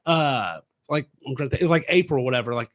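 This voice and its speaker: A man co-hosting a podcast, rambling through his points with many fillers. His pitch sits in the usual middle range for a man. He laughs easily and sounds close to a studio mic. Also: animated, brisk. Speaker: podcast co-host. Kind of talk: casual chat.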